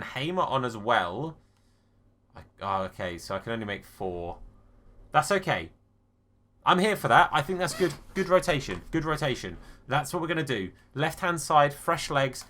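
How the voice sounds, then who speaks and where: A man and gaming YouTuber giving chatty, self-deprecating live commentary over his own football video game, swinging between excited and deflated. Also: mid-range voice.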